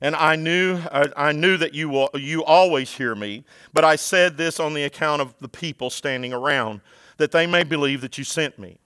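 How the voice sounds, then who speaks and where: A pastor who preaches a sermon, moving from loud, shouted passages to quiet scripture reading. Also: male voice, fairly high pitch, moderate pace, clear, resonant tone, no room sound.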